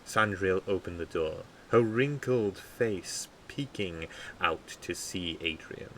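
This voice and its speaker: A very deep-voiced man streams a game and reads his story draft, tired and slow. He stumbles over words now and then, with faint noise behind him. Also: a bit bright, poor audio. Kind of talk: live game commentary and story reading.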